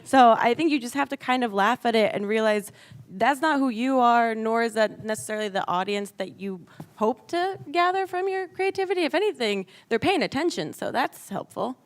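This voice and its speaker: A woman's voice: a little high, animated, moderate pace. A woman on a panel speaking wryly, laughing things off. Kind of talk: panel discussion.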